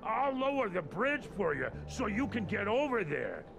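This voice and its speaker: An actor playing a gruff caveman village elder in a video game, his speech deliberately rough and a little forced, with game music behind. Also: high voice, big pitch swings, full character voice. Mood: urgent. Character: gruff caveman villager chief, male adult. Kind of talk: video game character dialogue.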